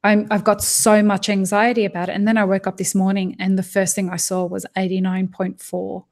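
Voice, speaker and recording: A woman's voice: mid-range voice, little pitch movement, a little fast, a little mellow. A woman in a casual podcast conversation, her voice sitting in a middle register. She speaks with real passion, tripping over restarts and dropping swear words as she goes. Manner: impassioned, frequent restarts and swearing.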